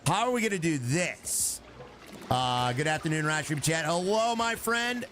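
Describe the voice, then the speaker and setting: A man's voice: on the high side, animated, a little slow, fairly bright tone, soft background music. A man playfully chatting with his viewers while streaming a building game, joking as he plays. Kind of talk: casual live game commentary.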